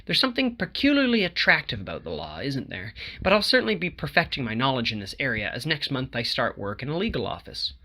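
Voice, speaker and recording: A man's voice: mid-range voice, huge pitch swings, quick pace, hardly any pauses, sharp tone, full character voice. A man reading an audiobook who voices a curious, teasing young woman lodger in a lifted voice. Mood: lively. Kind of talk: audiobook character voice.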